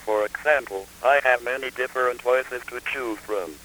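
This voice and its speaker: A synthesized male voice from an automated phone information system, reading scripted announcements in a clipped, even, computerized delivery. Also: medium pitch, moderate pace, a little hiss or hum, low-quality recording. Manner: clipped, evenly paced machine delivery. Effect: text-to-speech synthesis.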